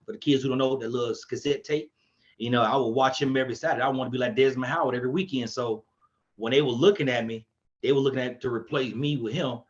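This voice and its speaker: Guy telling old football stories, gets loud doing other people's lines, kinda muffled lo-fi audio. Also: mid-range voice, quick pace. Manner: animated, acts out quotes in a raised voice. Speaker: podcast guest, coach. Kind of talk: casual storytelling chat.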